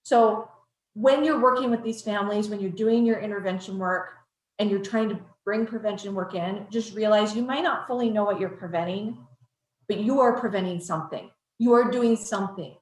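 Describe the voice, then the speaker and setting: A woman's voice: medium pitch, normal speed. Earnest woman telling a story, roomy sound. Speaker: child advocacy trainer. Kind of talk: storytelling presentation. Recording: roomy echo.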